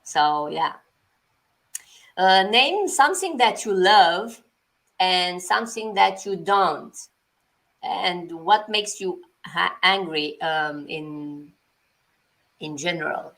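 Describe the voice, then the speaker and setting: A woman's voice: fairly low pitch, lively intonation, takes it slowly, pauses often, fairly bright tone. A woman hosting an interview, asking questions in an earnest, encouraging way. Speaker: interview host. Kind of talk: conversational interview.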